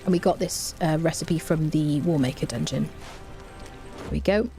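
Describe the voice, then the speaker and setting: Mellow-voiced woman streaming a game. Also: low voice, moderate pace, faint music behind. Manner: chatty, reads out chat, hums to herself. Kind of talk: casual live-stream gameplay chat.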